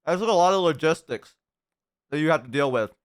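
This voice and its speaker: Male streamer, slightly high, smooth voice, rambling self-deprecating chat with many fillers, munching between lines. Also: expressive, a little fast. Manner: eating while talking.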